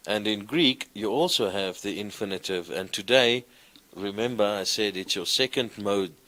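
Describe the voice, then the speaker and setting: A man gives a classroom lesson in a fairly low voice. He speaks slowly and in an encouraging way, and he keeps asking his class questions. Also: a bit bright. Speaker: Greek teacher. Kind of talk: classroom lecture.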